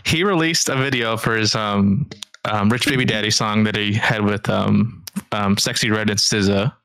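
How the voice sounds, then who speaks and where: A man co-hosting a casual podcast, explaining things in a relaxed way with drawn-out ums. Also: lowish voice. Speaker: podcast co-host.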